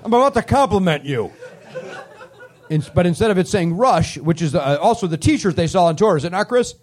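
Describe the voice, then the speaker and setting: A man works the crowd from a comedy club stage, needling audience members with sarcastic, playful jabs. His voice sits high and leaps around expressively as he riffs. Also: animated. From Canada. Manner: teasing, sarcastic, quick to riff. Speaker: comedy podcast host. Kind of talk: live comedy crowd work.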